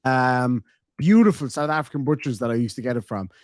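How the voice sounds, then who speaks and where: An Irish man gives casual commentary on clips and mocks what he hears with frank, sweary put-downs. His voice sits at a middle pitch and is recorded dry and close. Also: a little fast, darkish tone, no echo. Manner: blunt, sweary, mocking. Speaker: host reacting to clips.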